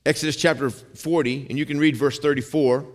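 A man's voice: fairly even intonation, fairly quick. Man preaching in a reverberant hall. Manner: conversational preaching, calls out amen; shifts between quiet low lines and raised emphatic ones. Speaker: pastor. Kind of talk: sermon.

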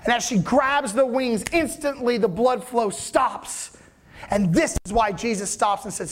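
A man with a very high voice delivers a conversational sermon as a pastor. He keeps asking his listeners whether they follow. He slips into the voices of people in the story as he tells it. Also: moderate pace. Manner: conversational preaching, checks in with listeners often.

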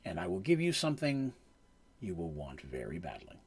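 A man voicing a menacing male nightmare lord who tempts in a low hush. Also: huge pitch swings, moderate pace, husky, exaggerated voice. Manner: low, hushed, ominous.

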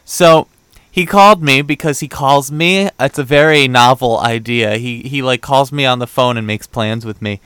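Smooth-voiced young man telling dating stories. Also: medium pitch, moderate pace, fairly bright tone, no echo. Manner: rambling storyteller, acts out quoted dialogue, many fillers. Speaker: podcast host. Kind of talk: casual chat.

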